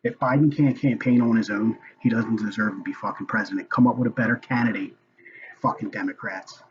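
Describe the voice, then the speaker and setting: A man's voice: lowish voice, steady tone, a little fast, lo-fi sound, slight background noise. A man ranting casually and angrily about a hearing he is watching, swearing often. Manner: profane, angry ranting. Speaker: political commentator. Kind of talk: casual recorded commentary.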